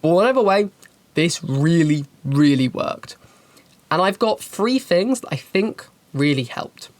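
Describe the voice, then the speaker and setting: A woman hosting a channel, giving game master advice in an animated, chatty and emphatic way. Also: on the low side, measured pace, no echo. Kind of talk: casual advice talk and storytelling.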